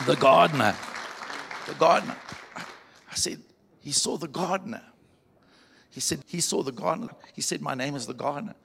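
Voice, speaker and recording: A man preaching to a church, telling a story with animated quoted voices. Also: a little high, normal speed, vocal fry, long pauses, a faint crowd, a little hiss or hum. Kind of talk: sermon storytelling.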